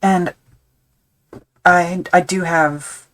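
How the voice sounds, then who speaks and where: Low-voiced woman chatting while crafting. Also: steady tone, extremely slow, poor audio. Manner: rambling, self-deprecating, thinks aloud with fillers. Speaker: leatherworking streamer. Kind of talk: casual chat while crafting on a live stream.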